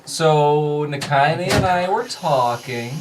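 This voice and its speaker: A man's voice: fairly high pitch, lively intonation, slow pace, crowd noise. A man playing his character in a tabletop role-playing game, talking in a rambling, hesitant way with casual swearing. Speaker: player.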